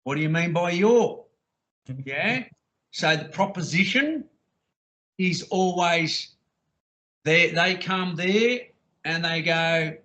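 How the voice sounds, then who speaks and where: A man's voice: high voice, takes it slowly, long pauses, fairly bright tone. A man on a call, recounting a police stop in a crude, insistent, mocking way. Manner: mocks the officer's lines, crude and insistent. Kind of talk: rambling call-in monologue.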